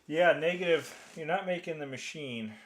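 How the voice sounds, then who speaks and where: A man's voice: on the high side, moderate pace, noisy background. A man with an upstate New York accent hosting a radio net as net control, chatty and rambling with lots of fillers.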